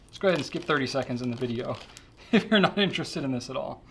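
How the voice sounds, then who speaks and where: A man hosting a pen shop question-and-answer show, talking casually and easygoing, thinking out loud as he handles a pen. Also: mid-range voice, animated, fast talker, gravelly, a little hiss or hum. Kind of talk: casual chat.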